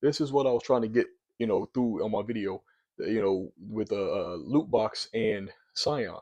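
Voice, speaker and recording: Male commentator, casual reaction talk, pushy and argumentative, warm low timbre. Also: moderate pace, dull audio. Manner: animated, argumentative, repeats words when pressing a point.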